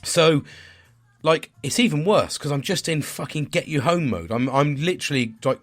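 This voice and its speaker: A man's voice: on the high side, normal speed. A man, talking in a casual, rambling vlog monologue. He swears constantly, sounds stressed and tired, and is hard on himself. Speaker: vlogger.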